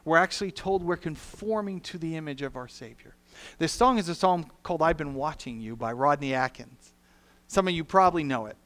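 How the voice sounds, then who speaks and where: A man preaches a sermon to his church, his voice sitting a little higher than most men's. He is earnest and pastoral. He moves between hushed, gentle lines and strong, emphatic ones. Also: lively intonation, a little fast. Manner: earnest preaching, swings from soft to loud. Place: church sanctuary.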